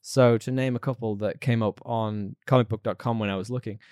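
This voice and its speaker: A man's voice: fairly low pitch, fairly even intonation, brisk, a little mellow, clear, resonant tone, dry recording, studio quality. A man co-hosting a podcast in casual chat, chatty and playful, laughing easily. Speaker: podcast co-host.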